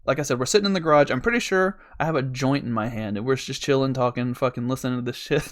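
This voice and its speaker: A man's voice: medium pitch, fast talker. A young man hosting a podcast, telling a long rambling story in casual chat, swearing a lot and laughing as he goes. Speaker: podcast host.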